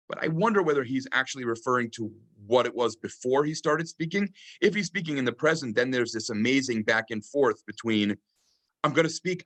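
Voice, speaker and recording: A man's voice: medium pitch, fairly bright tone. A man leading a text study class. He reads Hebrew verses aloud, translates them and reflects on them thoughtfully, with many ums. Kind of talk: online text study lecture.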